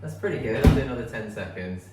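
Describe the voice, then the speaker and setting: A man's voice: medium pitch, expressive, fast, roomy sound, loud music behind the voice. A man chatting casually as he bakes in his kitchen, thinking aloud as he goes. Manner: chatty, rambling, thinks aloud while baking. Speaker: vlogger. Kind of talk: casual chat. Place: home kitchen.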